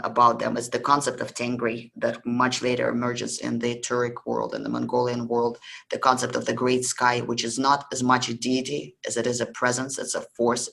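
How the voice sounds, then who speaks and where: This history podcast host, a native Russian speaker, gives a loose, casual lecture on ancient beliefs, often saying um and starting over. The recording is rough, capturing his creaky, somewhat bright, mid-pitched male voice.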